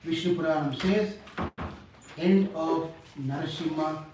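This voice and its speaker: A man telling a devotional story in an animated, dramatic sermon. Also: fairly high pitch, a little slow, noisy background. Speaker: preacher. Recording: echoey hall from far off.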